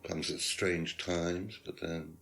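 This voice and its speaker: A man's voice: low voice, flat delivery, slow, vocal fry, a bit bright, faint music behind, exaggerated voice. An actor playing a smug, condescending male lecturer who is questioned as a suspect in a detective video game, pompous and dismissive. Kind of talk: FMV game acting.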